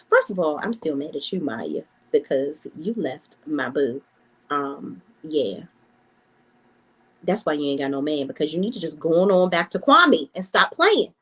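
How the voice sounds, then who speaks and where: A woman's voice: on the low side, big pitch swings, moderate pace, fairly bright tone. A woman giving blunt, sassy casual commentary as a reality TV reviewer on her vlog.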